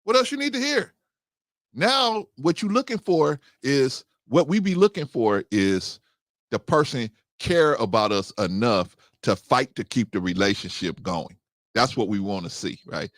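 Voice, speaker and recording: A man's voice: mid-range voice, unhurried, dry recording, studio quality. A man hosting a casual talk show, reacting and asking questions. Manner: lively, questioning, reacts with short interjections. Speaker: podcast host. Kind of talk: casual chat.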